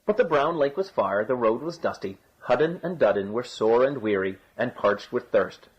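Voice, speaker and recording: A man narrating a storybook in a measured, expressive way. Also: mid-range voice, breathy edge. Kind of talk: storybook reading. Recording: dull lo-fi recording.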